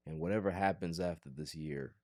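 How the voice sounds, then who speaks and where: A man hosting a casual sports podcast, joking and theatrically pleading in an animated way. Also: extremely low pitch, brisk, dry recording, clean studio sound. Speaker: podcast host.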